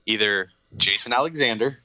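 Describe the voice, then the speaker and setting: A man's voice: fairly low pitch, moderate pace, sharp tone, no room sound, poor audio. A man co-hosting a podcast, chatting casually and hesitantly, often restarting his sentences. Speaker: podcast co-host. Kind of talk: casual chat.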